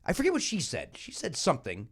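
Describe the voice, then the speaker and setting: A comedy podcast host in casual chat, slightly high voice that swings all over as he tells a story and plays every part in it himself. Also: quick pace, husky. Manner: animated storyteller, acts out both sides of a quarrel.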